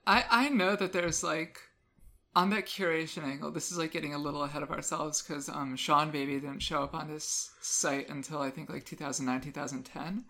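Teasing woman with a bright voice. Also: low-pitched, fairly even intonation. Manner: quick, teasing, frank. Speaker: podcast co-host. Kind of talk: casual chat.

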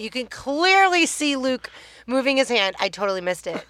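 A woman's voice: sits high, very animated, normal speed, fairly bright tone. A woman co-hosting a casual podcast, chatting and swearing casually while recapping a TV show, self-mocking. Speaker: podcast co-host.

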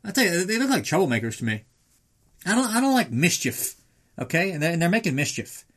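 A man's voice: high voice, very animated, quick pace, fairly bright tone, voice pushed up, exaggerated voice. A man voicing a cranky old man who fusses indignantly about noisy troublemakers. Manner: fussy, indignant grumbling.

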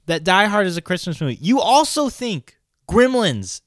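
A man's voice: high-pitched, sing-song, moderate pace, no echo, clean studio sound. A man co-hosting a casual podcast, swearing and ranting with strong opinions. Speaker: podcast co-host.

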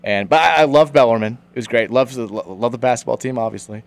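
A man's voice: medium pitch, gravelly. A man in his twenties co-hosting a sports radio show, chatting casually and rambling with lots of fillers. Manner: rambling, filler-heavy, quick.

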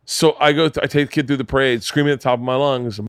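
Animated storytelling man, dry studio sound. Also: medium pitch, fast talker, clean tone, dry recording. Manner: animated, swearing, acts out voices while telling stories. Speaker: podcast host. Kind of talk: casual chat, storytelling. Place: home podcast studio.

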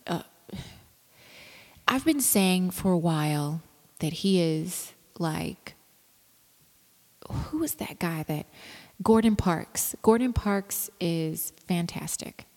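A woman's voice: on the low side, drawn-out words, pauses often, darkish tone, big-room sound. A woman rambling casually about her home brewing, with lots of fillers and restarts. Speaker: home brewer. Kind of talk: casual vlog chat.

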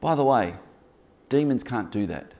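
A man preaching a lively sermon to a congregation in a church hall, teasing and joking with his listeners as he goes. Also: mid-range voice, measured pace. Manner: playful, teasing asides to the congregation.

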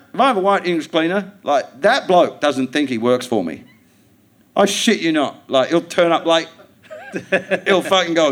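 A man with an Australian accent, a guest comedian talking animatedly and with plenty of swearing while he tells stories in a live podcast interview. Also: fairly high pitch. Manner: animated, profane storytelling. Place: theatre stage before a live audience.

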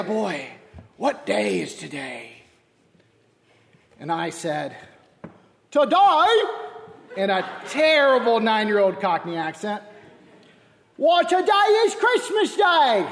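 Man, priest, sermon, high voice, wry storytelling, echoing church hall. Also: fairly bright tone. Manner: wry, self-deprecating storytelling.

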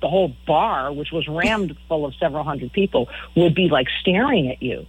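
A woman's voice: deep voice, expressive, moderate pace, breathy edge, dry recording. A middle-aged woman, a musician guest on a radio interview, telling stories frankly and often repeating words as she talks. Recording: phone-line audio.

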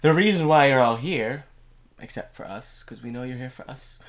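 A wry, relaxed podcast co-host chatting casually at a middle pitch. This voice reads out award nominees with lots of filler "uh"s and dry jokes. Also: normal speed. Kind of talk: casual chat.

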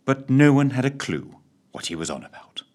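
Expressive male storyteller. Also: medium pitch, normal speed. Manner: expressive, theatrical. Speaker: narrator. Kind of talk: theatrical bedtime story narration.

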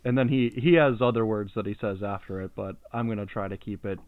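A man's voice: lowish voice, steady tone, a little fast, no room sound. Man on a tinny phone-like line. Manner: hesitant, repeats words, imitates characters. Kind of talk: casual podcast chat.

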